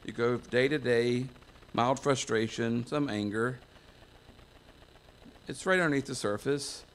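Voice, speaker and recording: A man's voice: mid-range voice, a little slow, a little hiss or hum. A man from the United States preaching a folksy, self-mocking sermon to a church congregation, wandering into asides. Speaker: pastor.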